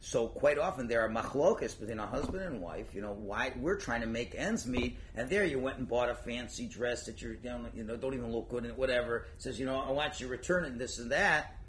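A man in the role of a rabbi giving an informal religious lecture, his voice riding up and down with animated, expressive intonation. He jokes along and acts out little household scenes, dropping in Hebrew and Yiddish words. A faint hum of room ambience sits underneath. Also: mid-range voice, brisk, few pauses. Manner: animated, joking, acts out everyday dialogue; sprinkles Hebrew and Yiddish terms. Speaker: rabbi teaching a Torah class.

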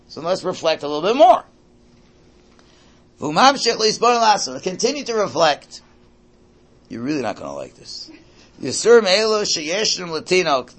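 An older man teaching a religious class to a room, lively and animated, often checking in with his listeners. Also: fairly high pitch. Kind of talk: lecture to a class.

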